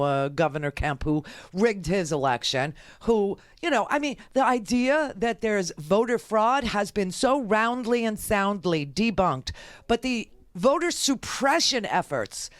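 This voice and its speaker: Brief: woman talk radio host, emphatic and exasperated, smooth clear voice, dry close studio sound. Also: medium pitch, no room sound. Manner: exasperated, emphatic, repeats phrases for effect. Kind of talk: political commentary rant.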